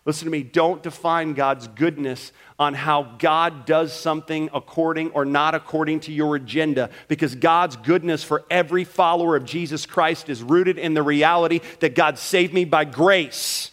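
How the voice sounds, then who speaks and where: A male pastor with a notably high voice preaches to his congregation. He leans into his points emphatically, often dropping into acted-out prayers and imagined conversations. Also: fairly even intonation, moderate pace, few pauses, fairly bright tone. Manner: emphatic, acts out prayers and quoted talk. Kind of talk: sermon. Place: church.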